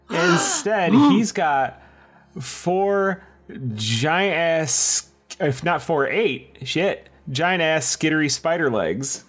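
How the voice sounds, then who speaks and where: A man's voice: on the high side, animated, extremely slow, a bit bright, husky. A man playing a tabletop game, describing a monster in a rambling, giggly way. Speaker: player. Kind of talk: casual chat around a tabletop game.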